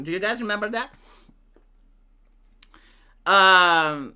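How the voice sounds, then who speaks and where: This commentary YouTuber, a man with a Romanian accent, chats casually about viewer comments in a bright, lively voice that swings freely in pitch. He uses "like" constantly, pauses as he thinks aloud, and reads comments out in a mocking tone.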